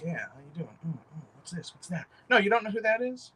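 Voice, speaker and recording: Excitable, profane livestream host. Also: male voice, high-pitched, fast, slightly rough. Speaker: livestream host showing custom figures. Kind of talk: casual livestream chat.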